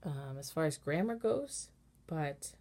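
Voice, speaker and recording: A woman cantor giving a relaxed, patient lesson on chanting, explaining step by step and singing short chanted examples. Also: deep voice, takes it slowly. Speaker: cantor teaching Torah chanting. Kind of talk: informal online lesson with sung examples.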